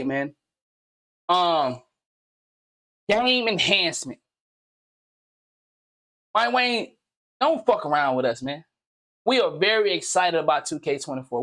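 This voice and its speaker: A man hosting a gaming channel, delivering a loud, slangy, profane comedic rant that swings into shouting. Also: high-pitched. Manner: slangy, repetitive, teasing.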